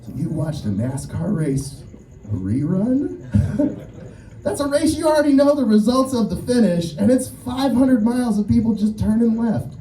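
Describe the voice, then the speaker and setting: A man's voice: high-pitched, normal speed, roomy sound, recorded from a distance, low-quality recording. A man performing a stand-up set at an outdoor show, telling stories and acting out the people in them. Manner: animated storytelling, acts out quoted voices. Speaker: stand-up comedian.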